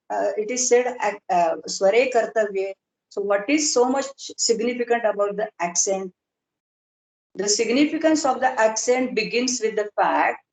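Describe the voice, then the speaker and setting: A woman lecturing on grammar in a workshop, explaining slowly and deliberately with pauses and fillers. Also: fairly high pitch, darkish tone. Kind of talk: academic lecture in an online workshop. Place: video call. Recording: roomy echo.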